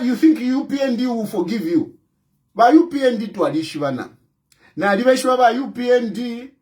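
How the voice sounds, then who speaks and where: A man's voice: very high voice, poor audio. A man with a Zambian accent, delivering impassioned political commentary in a scolding, combative tone and repeating his points for emphasis. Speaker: opposition party president.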